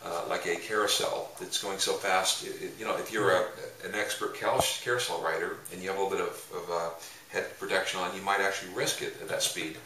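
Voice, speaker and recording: Low-voiced man in an echoey room. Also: flat delivery, fairly quick, few pauses. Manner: rambling, heavy with filler sounds. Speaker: evangelism ministry leader. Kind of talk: casual teaching talk with anecdotes. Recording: roomy echo, mic at a distance, faint noise.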